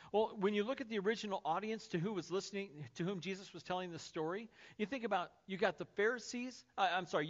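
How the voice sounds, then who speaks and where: A man's voice: high voice, fairly bright tone. A male pastor preaching a sermon in a casual, conversational way, speaking to the congregation. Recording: dull lo-fi sermon recording.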